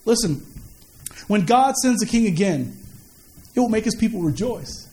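A man's voice: high-pitched, lively intonation, moderate pace, warm tone. A man preaching a sermon in a conversational way, repeating words and asking the listeners questions. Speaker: pastor.

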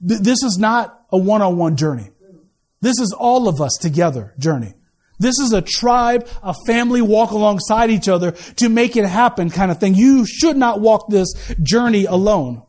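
High-voiced man preaching with stammered restarts. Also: expressive, moderate pace, a little mellow. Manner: casual, joking preaching with many stammered restarts. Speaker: pastor. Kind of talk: sermon.

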